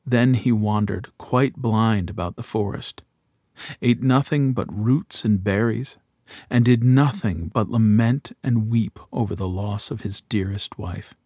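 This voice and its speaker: A man narrating a fairy tale in a slow, measured, even storytelling voice. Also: lowish voice, dry recording, studio quality.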